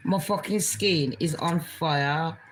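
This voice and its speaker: A woman's voice: low voice, slow pace, a little hiss or hum, rough recording. A British Jamaican woman vlogging an angry political rant, heated and profane, swearing constantly.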